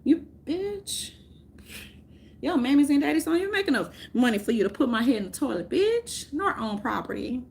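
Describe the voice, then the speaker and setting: A woman vlogging in a casual, rambling rant, swearing often, laughing, and swinging between loud outbursts and mutters. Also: high-pitched, sing-song, moderate pace, creaky, slight background noise. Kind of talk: casual chat.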